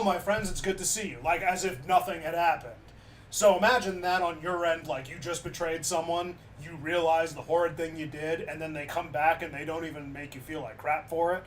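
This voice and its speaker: High-voiced man chatting on a stream. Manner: animated, loose with many fillers. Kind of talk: casual chat retelling a story. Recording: distant mic with faint background noise.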